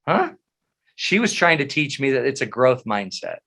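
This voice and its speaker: A man's voice: mid-range voice, sing-song, moderate pace, gravelly, fairly bright tone, slightly rough. A middle-aged man giving a webinar talk on psychology, telling stories with humor and animation. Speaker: presenter.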